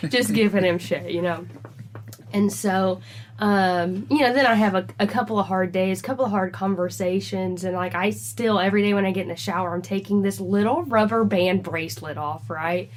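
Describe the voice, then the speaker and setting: A woman co-hosting a podcast, telling a story in a casual, animated way and acting out the dialogue. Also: mid-range voice, moderate pace, a little hiss or hum. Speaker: podcast co-host.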